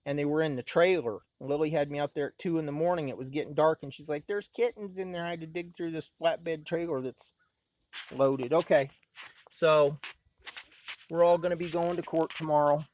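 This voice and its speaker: A man's voice: a little high, moderate pace, a little mellow, a little hiss or hum. A man rambling in a casual vlog monologue, aggrieved and full of filler words, filmed outdoors on a phone. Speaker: vlogger. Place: outdoors by a camper at home.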